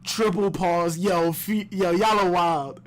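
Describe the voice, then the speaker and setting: A man streaming a live comic-chapter reaction, excitable and slangy, breaking into high shouts and laughter and repeating himself. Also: slow, faint music behind.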